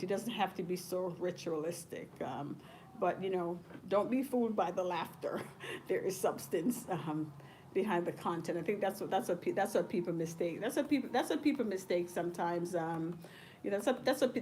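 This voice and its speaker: A woman nursing professor chats to the camera in a loose, rambling way and laughs often. Her voice sits fairly high, with a faint hiss of noise in the background. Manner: chatty and digressive, laughs often. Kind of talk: casual chat on camera.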